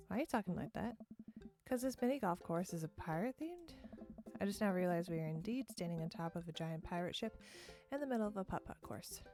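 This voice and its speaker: A woman's voice: on the low side, animated, brisk, dark tone, faint music behind. A woman streamer reading a visual novel aloud and voicing the player character in a playful, jokey way.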